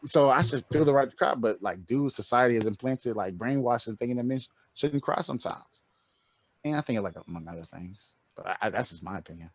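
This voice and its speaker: Animated man telling stories on a podcast. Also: mid-range voice, fairly quick, no echo, lo-fi sound. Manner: animated storytelling with frequent slang and profanity. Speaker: podcast co-host. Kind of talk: casual conversation.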